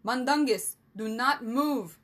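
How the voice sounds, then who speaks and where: A woman's voice: mid-range voice, normal speed, close to an everyday voice. Woman voicing a bossy boy ringleader. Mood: commanding. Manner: firm, urgent, half-whispered orders.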